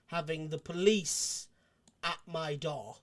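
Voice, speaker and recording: A man's voice: on the high side, slow, a bit bright. Rambling man hosting a livestream. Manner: rambling, restarts, jokey asides. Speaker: host. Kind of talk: casual livestream chat.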